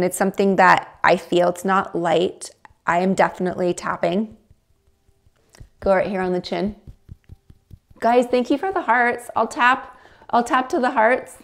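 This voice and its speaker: A woman's voice: medium pitch, measured pace, long pauses. Woman coaching viewers on a livestream. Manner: coaching, demonstrates tapping, acts out inner voices. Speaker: livestream host. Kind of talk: casual livestream talk.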